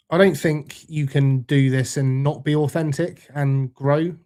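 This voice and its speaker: A British man runs a casual livestream, bantering with viewer comments in a relaxed, jokey way and swearing a lot. His voice is fairly high-pitched and slow, with a darkish tone.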